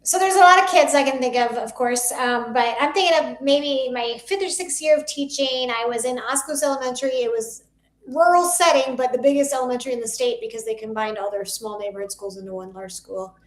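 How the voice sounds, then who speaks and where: Brief: female educator guest, high voice, reflective, echoey room sound. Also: fairly quick. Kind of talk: casual panel talk. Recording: roomy echo.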